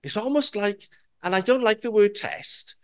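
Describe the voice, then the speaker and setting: A man preaching a sermon, speaking slowly and emphatically and asking his listeners rhetorical questions. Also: high voice.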